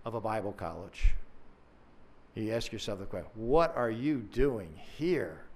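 A man preaching a sermon in a conversational, earnest way, acting out questions with dramatic emphasis. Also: mid-range voice.

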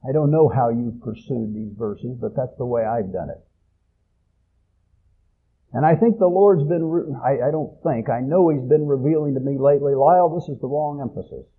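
Gravelly husky preacher guy, emphatic sermon, sounds like it's over a phone. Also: normal speed. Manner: emphatic, swelling loud on key phrases and dropping low at ends. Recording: tinny phone-like audio.

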